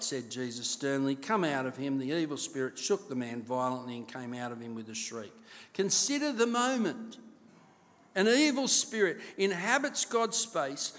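A man's voice: on the high side, fairly bright tone. A man preaching a sermon as pastor, often asking his congregation questions to keep them alert. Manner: quizzes the congregation, rhetorical questions. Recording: long hall reverb.

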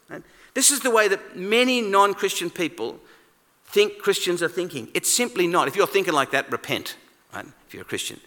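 A man preaching a sermon in a conversational, animated way, acting out quoted lines. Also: high voice, normal speed. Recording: long reverb of a large hall.

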